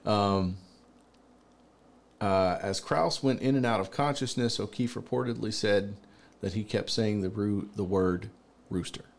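A man's voice: lowish voice, a little slow, vocal fry. Playful laughing man co-hosting a podcast. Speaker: podcast co-host. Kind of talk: casual chat.

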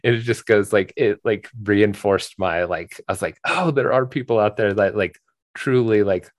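A man's voice: lowish voice, normal speed, dry recording, clean studio sound. A man co-hosting a movie podcast in casual chat, rambling with lots of fillers and restarts. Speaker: podcast co-host.

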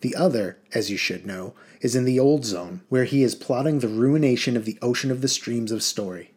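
A man voicing a grave, solemn male warrior who speaks in measured sentences in an audiobook reading. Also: mid-range voice, darkish tone, slightly rough, close to an everyday voice.

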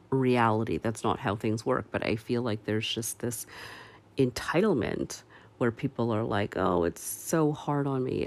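A man giving earnest opinion commentary, speaking slowly with many pauses and fillers, and stressing key words firmly. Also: medium pitch. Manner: firm and emphatic on key words.

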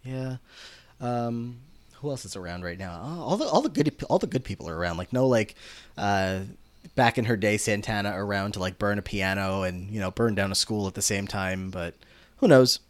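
A man co-hosting a casual podcast, recapping a TV episode with lively commentary and briefly playing out characters' lines in exaggerated voices. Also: fairly low pitch, normal speed.

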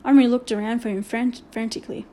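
A woman narrating a children's storybook aloud in an expressive, measured way. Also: fairly high pitch. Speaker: audiobook reader.

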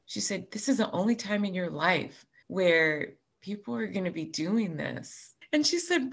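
A woman's voice: medium pitch, lively intonation, moderate pace, vocal fry, few pauses. A woman in her forties telling a personal story in conversation, candid and emotional, laughing through hard moments. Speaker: cancer patient sharing her story.

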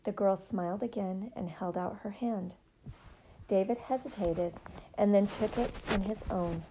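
A woman narrator reading a novel aloud in a steady, measured storytelling manner. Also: medium pitch, noisy background.

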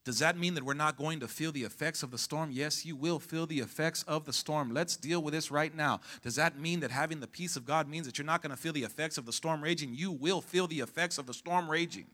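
A man preaching a sermon as pastor, calling out to the congregation to respond and rising to shouts at the peaks. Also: on the high side, a little fast, hardly any pauses. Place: church sanctuary.

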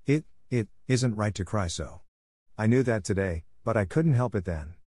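A man's voice: fairly low pitch, animated, normal speed, a little mellow, husky, dry recording, studio quality. A man reading aloud voices a reserved, stern older woman giving restrained comfort.

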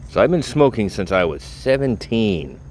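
A man with a very low, deep voice tells a rambling personal story in a casual, joking way. He swears freely and chuckles between lines. Faint background noise sits under his voice. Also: big pitch swings, normal speed, a little mellow. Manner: profane, joking, chuckles often.

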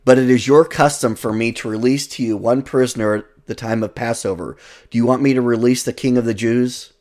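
A man reading the part of a questioning male Roman governor aloud from scripture, voicing his questions a bit louder and higher. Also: fairly even intonation, brisk, natural voice.

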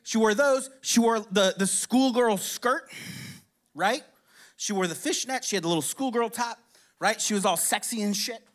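A man's voice: high voice, normal speed, fairly bright tone. A man casually telling a crude, rambling story to a live audience, constantly checking in with his listeners and chuckling between lines.

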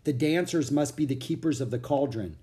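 A man's voice: fairly high pitch, fairly quick, mellow, natural voice. Man doing cautious young boy, slightly raised voice, earnest, worried, storybook reading. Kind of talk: audiobook character reading.

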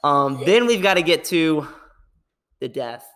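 A young man hosting a podcast, talking casually in a rambling, animated way and laughing often. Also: a little high, a little slow. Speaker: podcast host.

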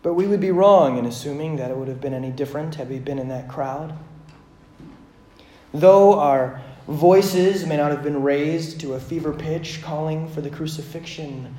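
A man with a high voice preaches a sermon in an echoing church hall. He is dramatic, rising to loud emphasis, then dropping to near-hushed lines. He repeats key phrases slowly. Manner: slow emphatic repetition. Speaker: pastor. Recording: echoey room.

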